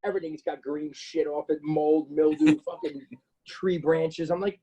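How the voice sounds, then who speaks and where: A man with a New Jersey accent telling a story in casual chat, profane and animated, acting out the people he quotes. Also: on the high side, moderate pace, breathy edge, dull audio. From Bloomfield, New Jersey. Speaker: podcast guest.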